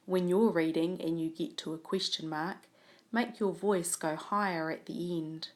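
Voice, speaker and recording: A woman teaching a reading lesson, speaking clearly and patiently as she models reading a story aloud. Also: lowish voice, steady tone, measured pace. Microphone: tablet microphone.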